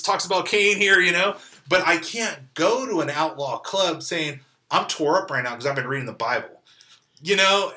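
Here a man from California, appearing as an interview guest, shares his testimony through casual storytelling. He has a mid-range, bright, forceful voice, and he talks candidly, sprinkling in plenty of "like" and "you know."

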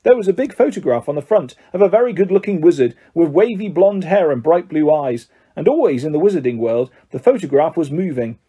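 A man reading a children's fantasy story aloud, narrating in a steady, measured way. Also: on the high side, husky. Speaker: audiobook reader.

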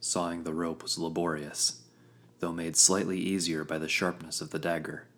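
A man narrating a fantasy story in the first person, with a measured, grave storytelling manner. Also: low-pitched, flat delivery, a bit bright. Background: background music.

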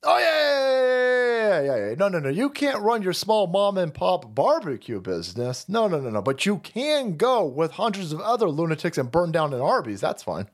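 A man's voice: sits high, very animated, moderate pace, few pauses. Foul-mouthed sarcastic male ranter. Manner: swings into exaggerated mocking voices. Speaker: stream host. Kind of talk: ranting political commentary stream.

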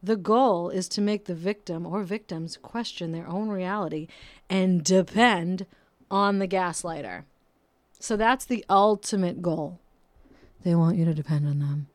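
A woman hosts a solo podcast from a room at home, speaking close to the microphone in a lowish, slightly mellow voice, a little slowly. She rants casually, swears often, and mocks herself. The sound has no echo, and painters are working outside.

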